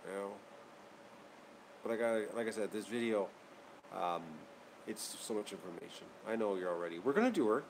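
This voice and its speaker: A lowish-voiced man hosts his channel, talking casually to viewers with slight background noise. As he gets worked up, he rambles and keeps repeating himself.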